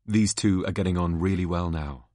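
A man's voice: deep voice, fairly even intonation, normal speed, mellow, no room sound, clean studio sound. A man reading stage directions aloud in a plain, matter-of-fact way. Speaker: narrator.

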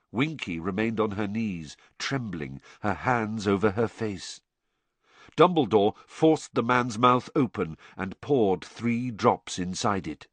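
A man narrating an audiobook in a measured, low-key storytelling manner. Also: no room sound. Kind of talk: scripted narration.

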